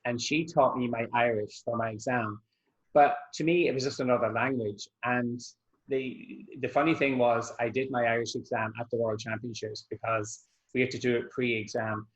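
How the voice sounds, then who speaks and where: A man's voice: medium pitch, steady tone, moderate pace. Man telling stories over a dull call. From Scotland. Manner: chatty anecdotal storytelling. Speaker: Irish dance teacher and adjudicator. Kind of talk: casual interview chat.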